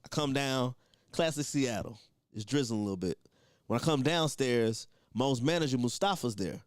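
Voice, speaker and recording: A man's voice: medium pitch, moderate pace, no room sound, studio quality. A young man, a comedian, telling a story in a loose, profane way and laughing often. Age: young adult. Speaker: comedian guest. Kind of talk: casual storytelling.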